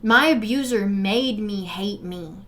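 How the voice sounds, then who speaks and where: A young woman in a mid-range voice talks slowly to the camera, telling her own story with earnest feeling. One moment she urges her viewers forcefully, the next she drifts into soft, subdued recollection, candid and direct.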